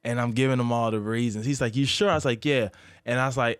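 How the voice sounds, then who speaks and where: A man's voice: mid-range voice, fast talker, smooth, no echo, clean studio sound. A young man from St. Louis, a comedian telling wild stories in casual chat, laughing often and acting out what people said. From St. Louis, USA. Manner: animated, laughs often, acts out quotes. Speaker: guest comedian. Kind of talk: casual storytelling.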